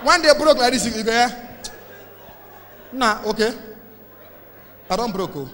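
A Nigerian man doing stand-up comedy in Pidgin, shouting his punchlines. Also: very high voice, expressive, measured pace. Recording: hall reverb with background noise.

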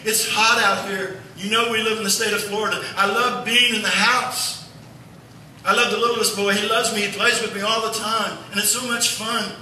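A man's voice: high-pitched, level tone, normal speed, pushed and bright, slight background noise, voice pushed up. A man voicing a young male dog who pleads and promises to behave. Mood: pleading. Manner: begging, sing-song pleading. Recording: echoey church hall from far off.

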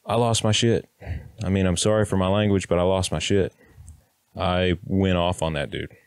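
A man's voice: sits low, steady tone, moderate pace, vocal fry, clear, resonant tone, dry recording, clean studio sound. A man in his thirties telling a personal story to camera in a blunt, plainspoken way, now and then swearing and acting out what people said. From Kansas, United States. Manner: blunt, plainspoken, occasional swearing, acts out quotes.

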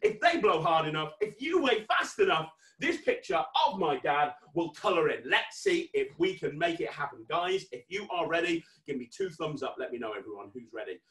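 A man with a British accent hosting an interactive children's magic show over video, playful and mock-stern, building to excited shouts. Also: on the high side, normal speed, few pauses, reverberant, distant mic. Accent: British English. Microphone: webcam.

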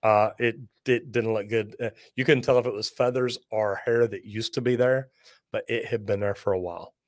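A man hosting a live plumbing Q&A, telling lively folksy stories and joking as he reads viewer comments. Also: lowish voice, normal speed, dry recording, studio quality. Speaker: plumber and show host.

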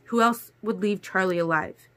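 Tense young vampire guy, woman reading him, low and hard, snappy storybook voice. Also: normal speed, fairly bright tone, natural voice.

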